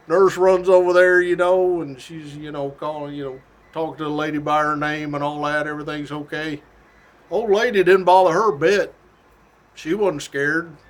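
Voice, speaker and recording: A middle-aged state trooper telling a story from his job in a casual, animated way, laughing often. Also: on the high side, unhurried. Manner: animated, laughs often, folksy drawl-like phrasing.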